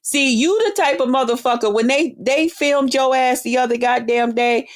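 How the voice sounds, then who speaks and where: A woman's voice: high-pitched, normal speed. A woman hosting her own stream, delivering an angry, profane rant that taunts a rival. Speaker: online streamer.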